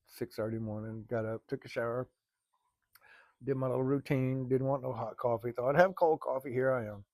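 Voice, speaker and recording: Gravelly man rambling easygoing. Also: medium pitch, no echo, clean studio sound. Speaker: vlogger. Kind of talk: casual storytelling. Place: workplace, early morning.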